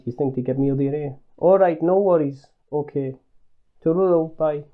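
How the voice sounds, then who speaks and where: A man voicing a boastful factory owner chatting on the phone, with a deliberately put-on regional accent and breezy, cheeky banter. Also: on the high side, highs cut off, voice pushed up.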